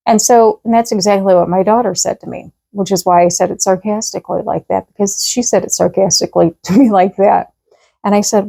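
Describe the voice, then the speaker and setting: A woman's voice: medium pitch, fairly even intonation, fairly quick, gravelly, dark tone. A woman chatting casually as she demonstrates a home recipe in her kitchen, rambling and upbeat with lots of fillers. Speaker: home cooking vlogger.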